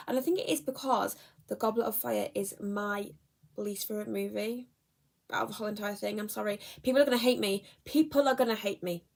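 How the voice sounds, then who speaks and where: A young woman, chatting casually in a book vlog, rambling and correcting herself as she goes. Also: mid-range voice. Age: young adult. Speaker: book vlogger. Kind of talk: casual chat.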